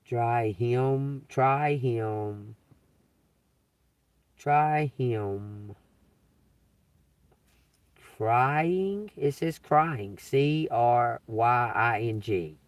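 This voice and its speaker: A man live-streaming a psychic reading from inside a car, talking slowly, spelling out letters and swearing casually. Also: mid-range voice, no room sound, far from the mic.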